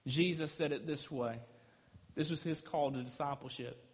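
A man preaching a sermon as pastor, emphatic and swinging between loud and quiet. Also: a little high, normal speed, breathy edge. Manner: emphatic preaching, rising and dropping loudness. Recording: echoey hall with long reverb.

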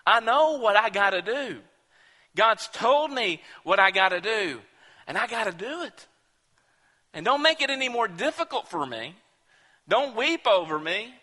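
A man's voice: high voice, sing-song, a little slow, sharp tone, pitched above the performer's own voice, full character voice. A preacher voicing an apostle who pleads with his friends and insists he is ready to die. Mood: pleading. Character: apostle Paul, resolute man ready to die. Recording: echoey hall.

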